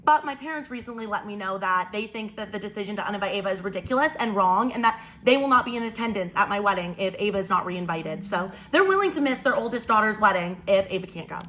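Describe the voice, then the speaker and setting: A young woman telling a casual storytime monologue, animated and incredulous as she recounts events. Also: mid-range voice, quick pace, few pauses, rough recording. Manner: animated, incredulous, quotes people in changed voices.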